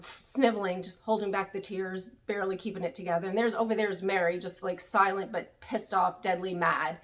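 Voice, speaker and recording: A woman hosting a YouTube recap channel, chatting candidly and with opinions about a reality TV show. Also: medium pitch. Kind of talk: casual chat.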